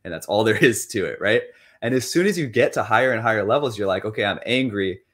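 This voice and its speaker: A young man guest in a casual interview, talking in an animated way, acting out inner voices and swearing casually. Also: lowish voice, fast talker. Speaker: interview guest, money coach.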